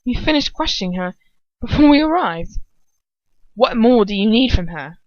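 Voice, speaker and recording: A woman voicing a haughty dark witch who asks questions loudly and stiffly, in a fan-fiction audiobook. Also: fairly high pitch, lively intonation, moderate pace, no echo, dull audio, pitched above the performer's own voice, natural voice. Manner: loud and prying.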